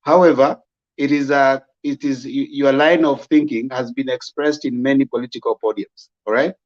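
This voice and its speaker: A man's voice: medium pitch, normal speed. Man moderating a debate, lo-fi. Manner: calm, lecturing, conciliatory. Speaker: host. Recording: dull lo-fi sound.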